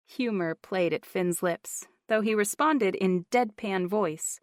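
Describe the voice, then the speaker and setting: A woman narrating a romance audiobook in a steady, even storytelling manner. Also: medium pitch, slow pace, hardly any pauses, no echo, clean studio sound. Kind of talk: scripted narration.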